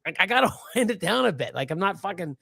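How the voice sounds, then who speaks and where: A man's voice: sits high, very animated, fast, creaky, bright, forceful tone, no room sound, studio quality. Rambling, profane man in his fifties. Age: 50s. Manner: rambling, profane, laughs often. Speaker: livestream host. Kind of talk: casual chat.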